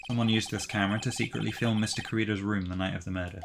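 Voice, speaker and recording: A man's voice: lowish voice, fairly even intonation, rapid-fire, vocal fry, hardly any pauses. A man commentating a game playthrough, thinking aloud with hesitant restarts, over game music. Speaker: let's play host. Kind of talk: casual game commentary and reading.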